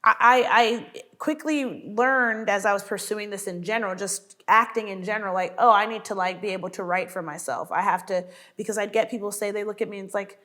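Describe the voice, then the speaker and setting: A woman's voice: medium pitch, steady tone, a little fast, few pauses, sharp tone. A woman comedian chatting in an interview. She tells stories animatedly, acts out quotes, and laughs often. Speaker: sketch comedy cast member. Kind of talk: casual interview chat.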